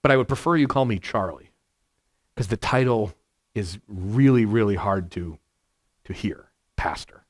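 Loud, chatty male pastor preaching. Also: fairly low pitch, moderate pace. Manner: naturally loud, chatty, asks the room "right?". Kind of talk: conversational verse-by-verse sermon. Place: church sanctuary before a congregation.

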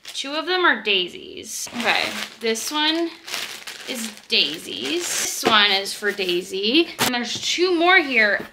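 A young woman chatting casually to camera in a vlog, with a chatty way of talking and soft, quiet asides. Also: mid-range voice, expressive, slow pace, noisy background. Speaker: vlogger.

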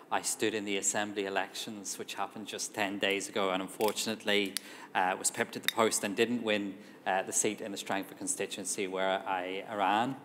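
A man who grew up in southern England and Northern Ireland, speaking as a panelist in a measured way with many uhs. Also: fairly low pitch, a bit bright. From Surrey, southern England, and Northern Ireland. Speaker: panelist, lawyer. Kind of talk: panel discussion. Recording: hall with long reverb, faint hum.

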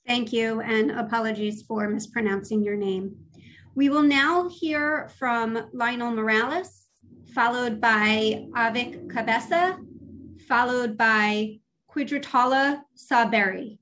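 A woman moderating a remote council hearing, calling each speaker in a measured, formal way over a video call. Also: fairly high pitch, fairly bright tone, slight background noise. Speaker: committee staff moderator. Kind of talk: formal procedural announcements.

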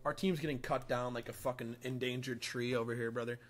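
A young man streaming a shooter game, reacting loudly and swearing at the plays. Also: medium pitch, brisk, faint music behind. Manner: excitable, swearing, yells and laughs at plays. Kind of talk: live game streaming commentary.

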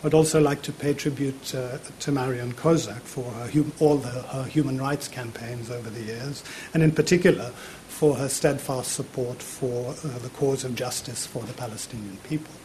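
A man's voice: mid-range voice, normal speed, crowd noise. Hesitant man giving a public lecture. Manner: hesitant, many fillers and repeated words. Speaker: university politics lecturer. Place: university lecture theatre.

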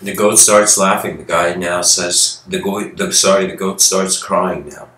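A man's voice: low-pitched, fairly even intonation, unhurried, fairly bright tone. A man giving a casual spiritual lecture, telling stories in a loose, conversational way with asides to his listeners. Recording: roomy echo.

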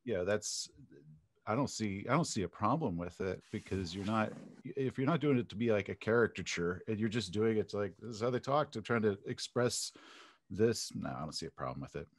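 A man's voice: lowish voice, expressive, a little fast, no room sound. A man speaking as a guest on a casual panel, with dry, self-deprecating humor.

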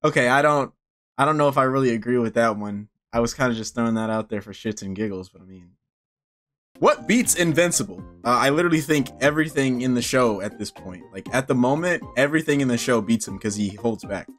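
A man's voice: medium pitch, animated, a little fast, fairly bright tone, soft background music. Sarcastic young man doing game commentary. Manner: sarcastic, laughs often, swears. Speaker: gaming video creator. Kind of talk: casual gameplay commentary.

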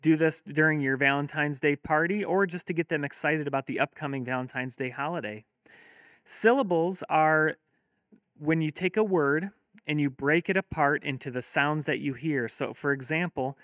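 A man walking teachers through a syllables worksheet, sounding out each word slowly, then pitching a membership. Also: a bit bright, no echo, clean studio sound. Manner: slow, sounds words out in syllables; upbeat promotional pitch. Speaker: teacher resource presenter.

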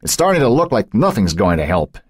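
A man doing a gruff, irritable editor. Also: mid-range voice, wildly swooping pitch, normal speed, dry recording, clean studio sound, voice pushed up. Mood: grumbling. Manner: growling, grumbling. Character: gruff, irritable older male newspaper editor.

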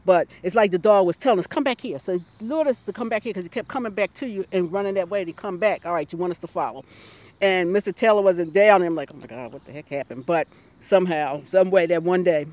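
A woman's voice: fairly low pitch, fast, darkish tone. A woman and longtime community gardener who chats and laughs while telling anecdotes in a casual interview, recorded outdoors in a garden.

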